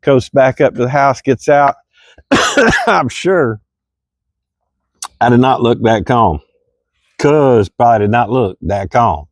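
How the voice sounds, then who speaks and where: A middle-aged man with a drawl spins a yarn in a folksy, animated way. He bursts into loud exclamations at the exciting parts. His voice sits at a medium pitch, and the recording is dry and close. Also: takes it slowly, long pauses, no echo. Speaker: storyteller vlogger. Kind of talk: casual storytelling.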